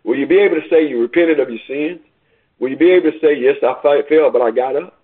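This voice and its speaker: Husky preacher man on a phone line. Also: a little high, fast. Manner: repetitive, builds to rising urgent questions. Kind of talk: sermon. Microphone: phone call line.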